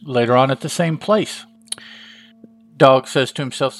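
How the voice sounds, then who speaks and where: A man's voice: medium pitch, a little slow. A man casually narrating a comic book page by page, chatty and full of asides. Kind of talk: casual comic read-through.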